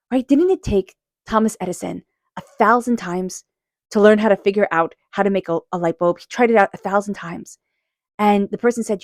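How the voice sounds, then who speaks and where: A woman's voice: mid-range voice, brisk, dry recording, clean studio sound. A woman giving a casual spoken tarot reading, earnest and encouraging, often repeating herself with filler words. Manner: quiet repeated chanting while shuffling. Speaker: tarot reader.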